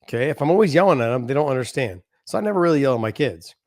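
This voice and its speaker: A man's voice: medium pitch, lively intonation, very fast, a little mellow, no room sound. A middle-aged man in a casual interview, explaining his views earnestly and with everyday examples. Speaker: podcast guest, former fighter. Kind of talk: casual conversation.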